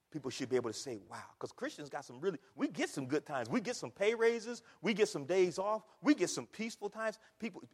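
A man with a high voice delivers a sermon from a church pulpit. He preaches emphatically, stacking repeated words and rhetorical questions. His voice rings with a long reverb through the sanctuary. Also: darkish tone, breathy edge. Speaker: pastor.

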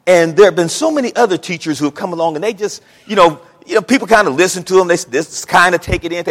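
A man preaching a sermon in a lively, folksy way, acting out the words he quotes. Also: sits high, quick pace, big-room sound. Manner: animated preaching, Southern folksy speech, acts out quotes. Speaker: pastor.

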